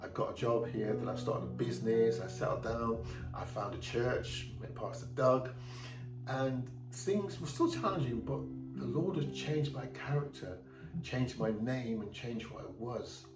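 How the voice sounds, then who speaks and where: In a church hall, a middle-aged Englishman gives a candid, plain-spoken personal testimony in an unhurried, medium-pitched voice. A distant mic captures the roomy hall, with faint music in the background.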